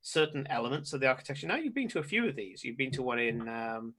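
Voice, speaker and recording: A man's voice: mid-range voice, lively intonation, fast talker, a bit bright, slightly rough, low-quality recording. A man running a tabletop game as game master, talking hesitantly with many fillers and restarts.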